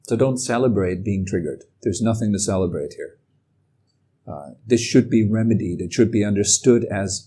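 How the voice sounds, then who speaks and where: A man giving a calm, reflective talk as a meditation teacher. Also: on the low side, normal speed, husky. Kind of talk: dharma talk.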